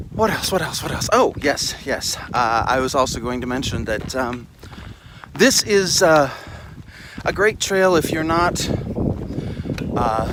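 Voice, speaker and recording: A man with a slightly high voice rambles cheerfully along an outdoor trail, cracking jokes at his own expense. He talks into a handheld camera as he walks. Clear outdoor ambience and passing traffic sit behind his voice. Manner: joking, rambling, self-mocking. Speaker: vlogger. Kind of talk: rambling casual chat while hiking. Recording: outdoor wind and traffic noise.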